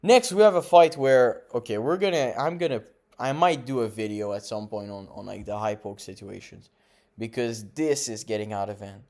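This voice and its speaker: Young male host, clear smooth voice, rambling casual recap with blunt takes. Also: medium pitch, normal speed, a little mellow. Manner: rambling, self-correcting, blunt opinions. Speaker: MMA podcast host. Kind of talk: casual fight recap monologue.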